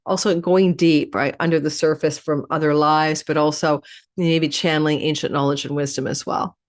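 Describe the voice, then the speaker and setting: Middle-aged female astrologer, rapid and lively direct-to-camera forecast delivery, low-pitched. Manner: fast, animated, talks to viewers by sign. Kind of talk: weekly horoscope forecast.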